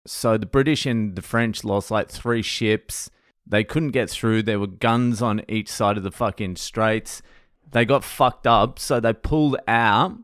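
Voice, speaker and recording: A man's voice: lowish voice, measured pace, fairly bright tone, clear, resonant tone, dry recording, studio quality. A man with an Australian accent hosting a casual podcast, rambling through a history story with constant swearing. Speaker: podcast host. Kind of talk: casual monologue.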